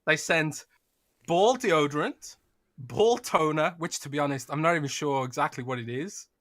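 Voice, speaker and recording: A man's voice: on the high side, normal speed, a bit bright. A man co-hosting a gaming podcast in casual chat, joking and laughing as he reads a sponsor spot. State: tired after feeling unwell. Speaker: podcast co-host.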